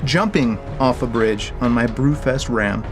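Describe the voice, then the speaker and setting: A man tells a story in an interview, jokey and animated. His voice sits at a middling pitch, and soft music plays faintly behind him. He speaks as a game developer looking back on the game. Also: measured pace. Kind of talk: interview anecdote.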